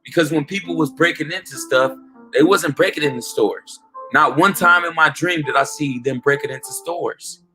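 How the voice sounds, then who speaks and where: A man's voice: on the high side, normal speed, sharp tone. Fiery man preaching with faint music. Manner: emphatic, peppers talk with "man" and "okay?". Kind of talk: informal street preaching.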